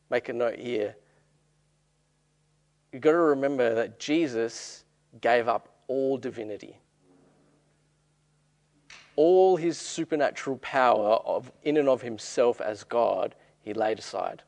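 A man's voice: mid-range voice, a little slow, gravelly, long pauses, a little mellow. A man preaching a sermon as pastor, reading scripture verses aloud and then explaining them in plain everyday talk.

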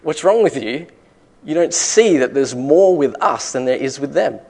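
A man's voice: on the high side, expressive, moderate pace, gravelly, a little mellow. A man preaching, briefly voicing an older male prophet who sharply rebukes his frightened servant. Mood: scolding. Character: fearless old male prophet, scolding.

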